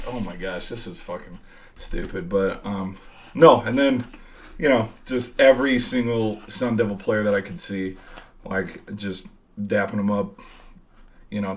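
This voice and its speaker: A young man telling a game-day story in a casual, rambling way, swearing freely and filling with "like". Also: on the low side. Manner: rambling, profane, lots of "like". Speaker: college football fan vlogger.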